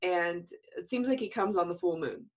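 A woman in casual conversation, retelling a book's story with lively acted-out dialogue. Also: lowish voice, normal speed. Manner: animated storyteller, acting out quoted dialogue. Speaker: podcast co-host discussing a book.

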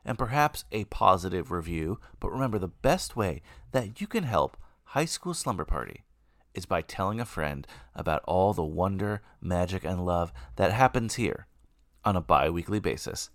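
A man hosts a podcast in a casual, upbeat way, rambling through asides. His voice sits fairly low, and the sound is dry and close with no room echo. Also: animated, moderate pace. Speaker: podcast host.

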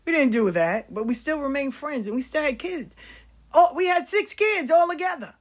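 A middle-aged woman telling stories about her life in a casual, blunt and animated way, swearing freely. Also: high voice, moderate pace. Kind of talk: casual storytelling.

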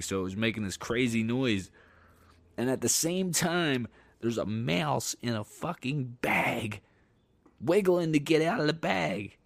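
A young man hosting a podcast, telling candid, profane stories about relationships in a casual monologue that gets animated when he relives a scare. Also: medium pitch, no room sound. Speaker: podcast host.

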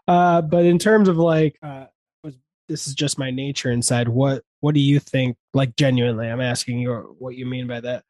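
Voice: medium pitch, steady tone, normal speed, darkish tone, no echo. A person co-hosting a casual chat show who rambles, laughs a lot and slips into mocking voices. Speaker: podcast co-host.

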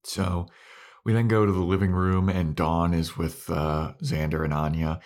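A man's voice: low voice, little pitch movement, normal speed, darkish tone. A man co-hosting a podcast, recapping a show in loose, casual chat full of "like"s. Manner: loose, swearing, many "like"s. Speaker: podcast co-host.

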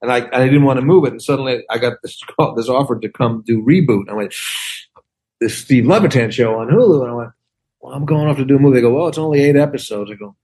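During a relaxed chat, a comedian and actor in his sixties performs the quoted dialogue of his anecdotes with lively energy. He talks fast, in a medium pitch.

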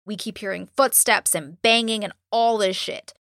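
Bright-voiced woman telling a spooky story. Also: medium pitch, moderate pace, no echo, studio quality. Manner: animated retelling with quoted voices and swearing. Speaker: podcast co-host. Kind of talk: casual storytelling chat.

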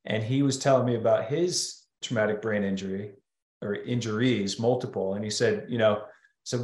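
A man's voice: fairly low pitch, normal speed, darkish tone, roomy sound. A man speaking as a guest on a podcast, talking in a rambling, hesitant way. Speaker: guest, company co-founder. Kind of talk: casual podcast conversation.

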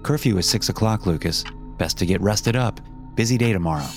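A man voicing a male android father who talks in a calm, firm, mechanical way. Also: fairly low pitch, a little fast, faint music behind, pitched above the performer's own voice, close to an everyday voice.

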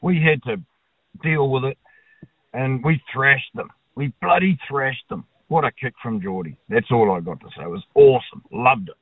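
A man's voice: mid-range voice, normal speed, slightly rough, no room sound. A man with a New Zealand accent calling in to a talkback radio show, blunt, blokey and opinionated, swearing casually. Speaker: caller. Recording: tinny phone line.

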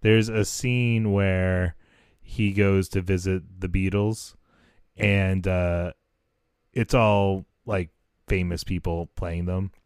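Laid-back male podcast host, lowish voice, dry close mic sound. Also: slow, clean tone, no room sound. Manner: laid-back, laughs often, relaxed. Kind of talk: casual podcast chat.

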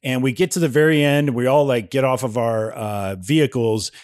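A man's voice: medium pitch, normal speed, smooth, no echo, clean studio sound. A man co-hosting a podcast, telling a story in casual chat and acting out what others said. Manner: animated storyteller, acts out others' lines. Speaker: podcast co-host.

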